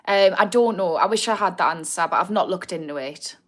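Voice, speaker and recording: Her voice sits on the low side, a little fast, with a fairly bright tone. She's a blunt Geordie woman in her thirties from Newcastle, England, hosting a live addiction recovery Q&A, answering viewer comments and swearing freely.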